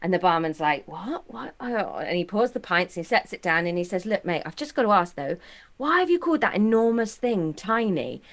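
A woman's voice: fairly low pitch, big pitch swings, brisk. A woman guest chattily telling a joke she remembers from childhood.

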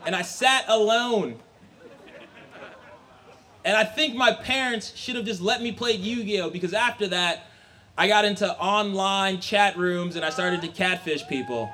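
A young man from Brooklyn tells a comic story to a live audience. His voice sits very high and sounds bright and forceful. He acts out the family voices with animated delivery and laughs often as he goes. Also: normal speed, a little hiss or hum. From Brooklyn, New York. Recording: live stage mic.

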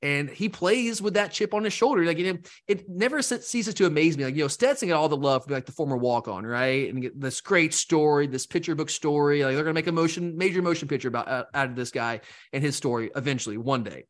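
A man co-hosting a sports podcast, talking fast and rambling, with lively asides. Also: a little high. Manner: animated, rambling, mimics fans in quotes. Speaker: podcast co-host. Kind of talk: casual sports talk.

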